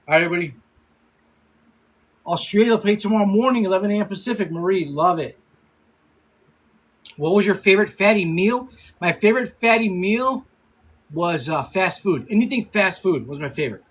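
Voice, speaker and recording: A man in his fifties talks casually on a livestream, laughing often and giving quick shout-outs to viewers. His voice sits high and sounds a little husky. He swears freely as he chats. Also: lively intonation, rough recording. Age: 50s. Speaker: livestream host.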